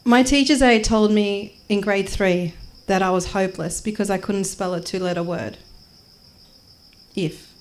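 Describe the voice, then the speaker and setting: A woman in her twenties with an Australian accent, speaking at medium pitch with a steady tone and measured pace, does brash, jokey stand-up and spoken word live. Slight background noise fills the small performance space, and she acts out people she quotes.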